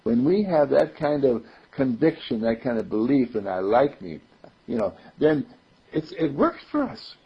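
Brief: man spiritual teacher, raspy gravelly voice, lively swooping delivery, chuckles, dull lo-fi tape. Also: medium pitch, moderate pace. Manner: playful, chuckling, repeats affirmations. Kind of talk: informal sermon to a group. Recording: dull lo-fi recording.

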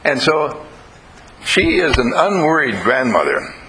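A man, a minister, giving a lively sermon full of stories, playful and acting out little voices. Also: medium pitch, unhurried, low-quality recording. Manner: animated, playful, acts out voices in anecdotes.

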